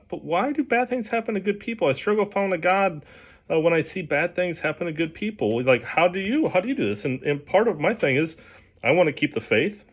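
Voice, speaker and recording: A man teaching from the Bible in a relaxed, conversational way, often restarting his sentences. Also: medium pitch. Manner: conversational, with frequent restarts and fillers. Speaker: pastor.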